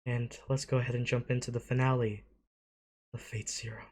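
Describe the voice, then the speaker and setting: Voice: medium pitch, little pitch movement, a little fast, a little mellow. A young adult hosting an anime reaction video, gasping, exclaiming and swearing at the screen. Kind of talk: emotional reaction commentary.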